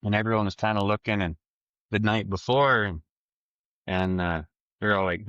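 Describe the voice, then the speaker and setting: A man, an arm wrestler being interviewed, telling a story in a casual, animated way and acting out the voices he quotes. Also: fairly low pitch, normal speed, no echo, muffled recording.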